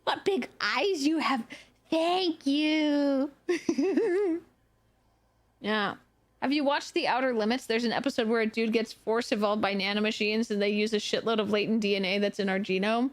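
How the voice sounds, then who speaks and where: A woman streaming live, chatting casually with viewers while she plays, animated, laughing a lot and swearing freely. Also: on the high side, moderate pace. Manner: answers viewer chat while playing.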